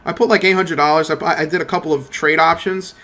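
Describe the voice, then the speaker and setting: Bright-voiced young man ranting casually. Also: on the high side, fast talker. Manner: profane, animated storytelling with mocking impressions. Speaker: mobile game streamer. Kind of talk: casual gameplay commentary rant.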